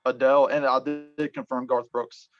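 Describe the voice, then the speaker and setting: A man hosting a casual music chat, talking in halting bursts full of ums and restarts. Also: mid-range voice, little pitch movement. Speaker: podcast host. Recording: dull lo-fi sound.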